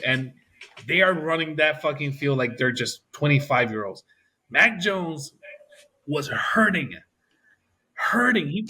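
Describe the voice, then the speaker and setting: Man, sharp tense tone, husky, profane ranting, casual podcast co-host. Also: fairly high pitch. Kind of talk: casual sports chat.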